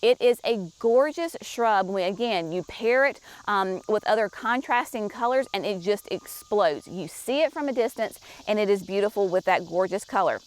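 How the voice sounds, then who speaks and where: A woman's voice: mid-range voice, lively intonation, moderate pace, few pauses. A woman presenting shrubs at a garden nursery, talking chattily and enthusiastically straight to her viewers. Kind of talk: casual product walkthrough for viewers.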